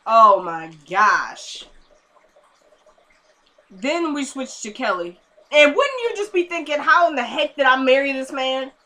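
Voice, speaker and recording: Give me a chatty, excitable woman reviewing a TV episode, with a bright, slightly high voice. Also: normal speed. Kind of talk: casual recap commentary.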